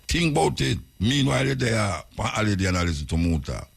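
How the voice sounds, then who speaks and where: Gravelly Jamaican man urging listeners. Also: on the low side, very animated, fast. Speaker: radio host. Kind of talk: radio talk monologue.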